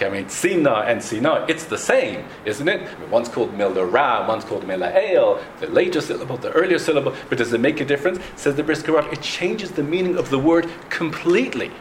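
A man's voice: medium pitch, a little hiss or hum. A man teaching a religious class on pronunciation, speaking with frequent restarts and a singsong lilt when he stresses words. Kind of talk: Torah lesson on Hebrew pronunciation. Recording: echoey room with faint ambience.

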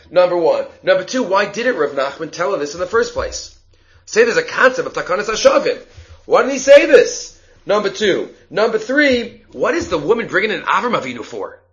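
A man's voice: a little high, a bit bright. A man giving a Talmud study lecture, reading Aramaic text and explaining it step by step with rhetorical questions. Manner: asks rhetorical questions, occasional coughs. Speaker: Talmud teacher. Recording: dull lo-fi recording.

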